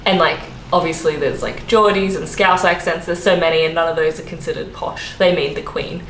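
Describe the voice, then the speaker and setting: With a deep, steady voice that's a bit bright and fairly quick, a young Australian vlogger talks chattily to camera, full of laughs and fillers. The room is echoey, and there's faint background noise.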